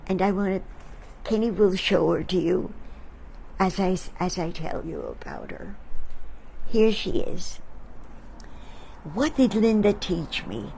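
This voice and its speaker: A woman hosting a talk, telling reflective stories about friends to an audience in a slow, thoughtful way. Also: medium pitch, big pitch swings, creaky, warm tone, a little hiss or hum, rough recording. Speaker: artist and host.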